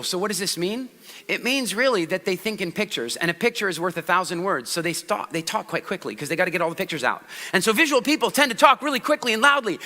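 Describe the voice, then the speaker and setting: A man giving a live talk on public speaking to an audience, swinging between loud, fast bursts and soft, slow passages. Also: high voice. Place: large event hall. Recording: long reverb of a large hall.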